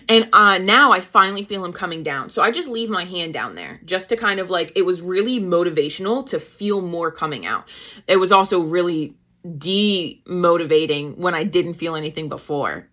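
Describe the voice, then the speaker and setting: Woman, 30s, podcast guest, lowish voice, animated storytelling, acts out quotes. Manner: animated, quotes herself with pitch jumps. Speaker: guest, certified nurse-midwife and mother. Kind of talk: casual storytelling interview.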